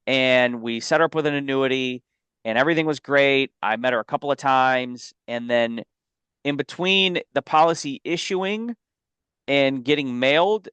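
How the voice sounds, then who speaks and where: Brief: male co-host, insurance agent, emphatic and chatty, smooth clear voice, dry close sound. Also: mid-range voice, a bit bright, dry recording. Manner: emphatic and conversational, tells stories with asides. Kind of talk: casual business podcast talk.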